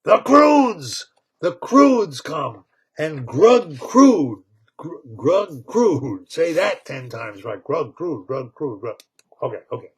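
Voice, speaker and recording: A man retelling a story with excitement, repeating words, laughing and tripping over tongue twisters. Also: fairly high pitch, slow, breathy edge.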